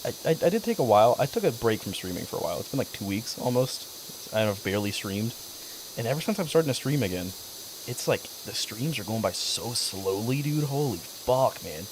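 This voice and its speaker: A man's voice: mid-range voice, very animated, fairly quick, slight background noise. A young man streaming a game, chatting casually in a rambling way, with many fillers and frequent swearing. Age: young adult. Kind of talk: casual chat while gaming.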